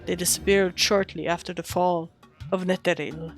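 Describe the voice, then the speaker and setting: A woman's voice: lowish voice, fairly even intonation, normal speed, faint music behind, natural voice. A woman voicing a pompous, scheming male wizard with a put-on Russian-like accent, reading game dialogue aloud. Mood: condescending. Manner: pompous, condescending, faking politeness.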